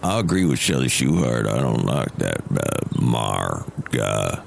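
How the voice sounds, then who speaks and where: Comedy podcast bit: a disgruntled gravelly fiddler, rumbling low. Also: male voice, animated, measured pace, a little hiss or hum, full character voice. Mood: grumbling. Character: gruff grumbling male fiddle player, grouchy.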